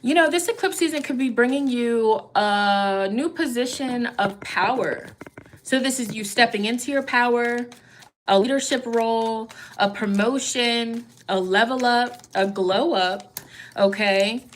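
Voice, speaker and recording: A woman's voice: fairly high pitch, measured pace, slight background noise. A woman giving a casual livestream tarot reading, chatty and encouraging, often saying "you know" and "okay?". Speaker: tarot reader.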